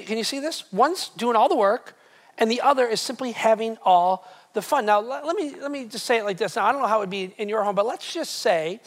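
Conversational male preacher telling a story. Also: high-pitched. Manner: animated, conversational storytelling with many restarts. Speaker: pastor. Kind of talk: sermon. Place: church hall with live congregation.

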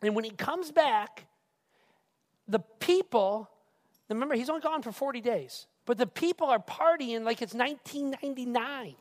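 A male pastor preaching a casual, animated sermon who keeps asking the crowd questions. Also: extremely high pitch, normal speed. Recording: reverberant hall.

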